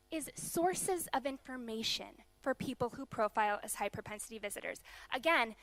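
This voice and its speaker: A young woman from the USA giving a conference keynote, explaining data in a brisk manner with some fillers. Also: fairly high pitch, bright, forceful tone, no echo. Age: young adult. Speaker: keynote speaker. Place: large conference hall.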